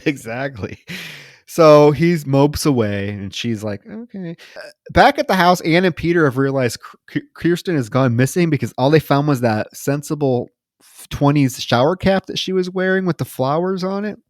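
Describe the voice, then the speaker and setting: A man's voice: on the high side, expressive, moderate pace, no room sound, clean studio sound. A man co-hosting a podcast, recapping a film in casual, profane, wry storytelling and acting out its characters' lines. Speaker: podcast co-host. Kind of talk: casual movie recap chat.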